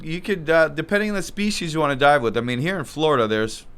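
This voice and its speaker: A man's voice: on the high side, fast, clear, resonant tone. A man, a guest on a podcast, telling a story in casual chat, acting out the voices and laughing often. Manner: animated storyteller, acts out quotes, laughs often. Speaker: podcast guest, underwater cameraman.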